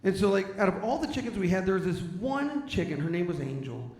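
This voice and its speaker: Male stand-up comic, animated storyteller; high, gravelly, roomy live-venue sound. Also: brisk. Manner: animated storytelling, bursts into shouting. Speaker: stand-up comedian. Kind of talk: clean stand-up comedy. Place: stage before an audience.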